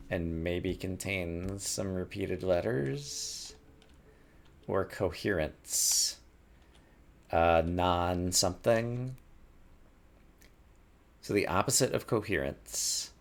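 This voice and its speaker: A man's voice: sits low, gravelly. A man thinking aloud as he plays a word puzzle game, musing and muttering words over to himself at a desk mic. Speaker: gaming YouTuber.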